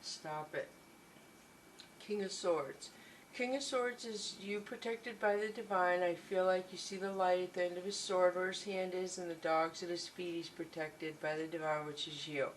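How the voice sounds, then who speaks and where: Woman doing a tarot reading, kinda low voice, super reassuring and gushy. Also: steady tone, moderate pace, a little hiss or hum, poor audio. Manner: gushing and reassuring, repeats encouragements. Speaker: tarot reader.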